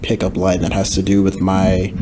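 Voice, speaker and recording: A man's voice: low voice, completely flat delivery, normal speed, mellow, slight background noise. A man hosting a podcast, giving casual movie commentary with joking, chatty asides. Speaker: podcast host.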